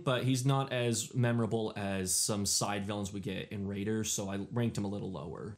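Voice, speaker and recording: A young man with a medium-pitched, slightly mellow voice hosts a casual movie ranking video. He's offhand and self-deprecating, and his thoughts often trail off unfinished.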